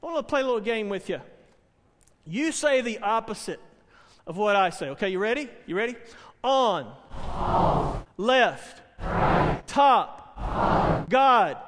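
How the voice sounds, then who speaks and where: A man's voice: high voice, animated, moderate pace, long pauses, a bit bright, big-room sound, a little hiss or hum. A man preaching a sermon, telling stories earnestly and building to emphatic proclamations. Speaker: pastor.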